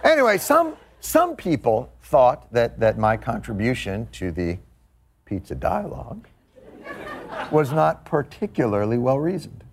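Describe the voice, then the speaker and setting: A man with a New York accent delivering a comedic late-night monologue, mock-indignant with deadpan asides. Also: mid-range voice, unhurried, a faint crowd, slight background noise. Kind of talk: comedic monologue to a studio audience.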